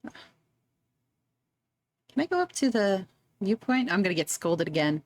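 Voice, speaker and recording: A woman's voice: medium pitch, sing-song, measured pace, a little mellow. A woman streamer chatting casually and giggling as she plays a game, reading its text aloud. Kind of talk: casual gameplay commentary.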